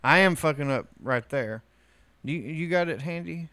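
Bright, teasing podcast man. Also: a little high, moderate pace, no echo. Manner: teasing, wisecracking. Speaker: podcast co-host. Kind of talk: casual chat.

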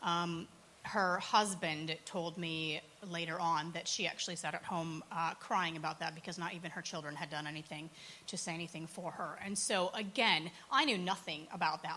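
A woman working in church poverty support, telling stories in an earnest, animated way during a panel conversation. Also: lowish voice, slight background noise.

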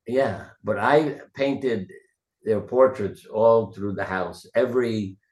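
An older man with a fairly low voice tells loose, rambling stories and acts out the quotes. He is a retired surgeon speaking as an interview guest. His voice rings in a roomy echo. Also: takes it slowly, a little mellow. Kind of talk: casual interview storytelling.

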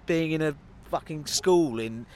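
A man's voice: on the high side, a little slow, crowd noise. A man co-hosting a comedy podcast outdoors, telling rambling, sweary anecdotes in casual banter. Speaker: podcast co-host. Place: outdoors by a road.

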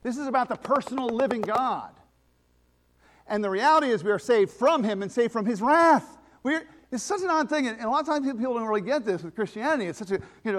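A man preaching a sermon, emphatic, swinging between loud exclamations and quiet asides. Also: very high voice.

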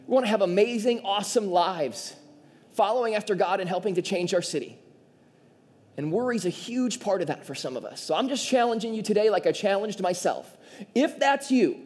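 A man with a notably high-pitched voice delivers a sermon, switching between lively storytelling and earnest prayer. His voice rings out with a long hall reverb. He sounds like a pastor addressing his congregation. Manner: animated storytelling, prays aloud. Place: church sanctuary.

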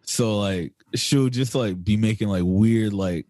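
A man with a fairly low, mellow voice chats loosely on a podcast, leaning on slang and filler as he tells a story. The sound is dry and close to the mic. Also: measured pace, hardly any pauses, no room sound. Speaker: podcast co-host. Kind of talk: casual chat.

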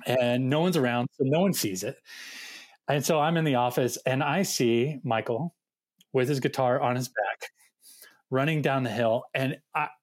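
A man's voice: mid-range voice, normal speed, no echo. Man telling camp stories, dry close mic. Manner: animated anecdote-telling with quoted dialogue. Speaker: guest, youth ministry director. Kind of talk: casual storytelling.

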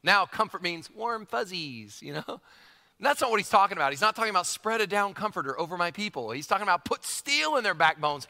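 Male preacher, high bright voice with big swings in pitch, emphatic delivery, long hall reverb. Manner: emphatic, animated, repeats phrases for effect. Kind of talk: sermon.

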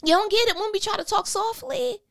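A woman hosting a faith podcast, reading a Bible passage and then riffing on it in a playful, slangy, animated way. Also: extremely high pitch, fairly quick, gravelly. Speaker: podcast host. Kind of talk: Bible reading and casual commentary.

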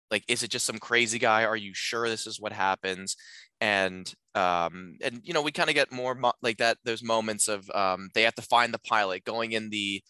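A man casually talking through a film on a podcast, rambling with lots of filler words and acting out lines in animated voices. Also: fairly low pitch, smooth, no room sound.

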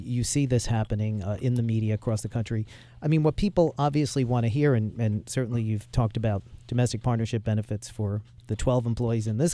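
Male talk-radio host, mellow dark tone, probing and persistent. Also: medium pitch, dry recording. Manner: pressing, probing questions. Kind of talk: radio interview.

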